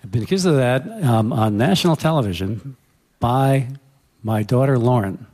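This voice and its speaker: A middle-aged male author telling a humorous story in a rambling, self-correcting way, with a gravelly voice. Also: mid-range voice, normal speed, darkish tone. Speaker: author guest. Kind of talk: storytelling interview talk. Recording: hall reverb.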